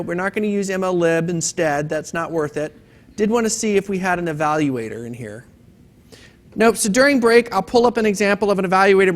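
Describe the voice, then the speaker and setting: A man teaching a hands-on data class at a conference training session, talking casually to the room and telling a corny joke. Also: sits high. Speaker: training instructor. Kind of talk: classroom lecture.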